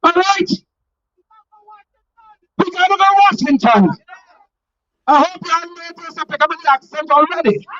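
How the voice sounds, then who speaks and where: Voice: very high voice, animated, normal speed, long pauses, pushed and bright. A rally speaker giving a fiery political speech outdoors and leading the crowd in call-and-response chants. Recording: muffled lo-fi rally recording.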